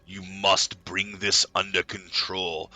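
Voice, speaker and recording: A guy doing a slow stiff alien boss voice, deeper than his own, reading a letter. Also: level tone, bright, forceful tone, dry recording, exaggerated voice. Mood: cold, stern. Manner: stiff, formal and deliberate with an affected accent. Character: cold commanding otherworldly overlord writing a letter. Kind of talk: reading an in-game letter aloud in a voice.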